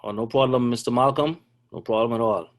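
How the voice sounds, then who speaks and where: A man's voice: mid-range voice, brisk. Chatty joking middle-aged male basketball coach. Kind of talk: casual Q&A on a video call. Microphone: video call.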